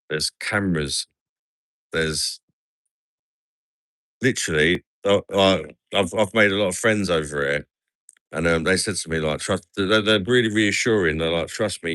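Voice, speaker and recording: A chatty English man hosts a casual livestream and keeps calling people "mate". His voice is very low yet bright and forward. The sound is close and dry, with no room around it. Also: no echo. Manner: chatty, says "mate" a lot. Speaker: livestream host. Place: outdoors at night in a resort town.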